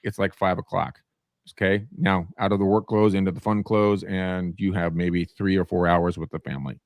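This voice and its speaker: A man co-hosting a casual podcast chat about real estate, an animated storyteller who acts out quoted people. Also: deep voice, normal speed, dry recording.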